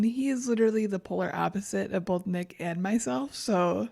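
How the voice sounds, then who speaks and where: A woman's voice: mid-range voice, normal speed, creaky, hardly any pauses, darkish tone. A woman co-hosting a podcast in casual chat, dry and sarcastic. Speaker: podcast co-host.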